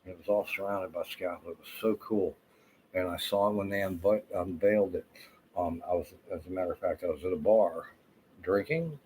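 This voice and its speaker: A man's voice: low voice, brisk, darkish tone, slight background noise, poor audio. A man in his fifties with a Southern US accent, telling rambling, profane stories with lots of fillers. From Florida. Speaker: vlogger. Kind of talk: casual rambling storytelling.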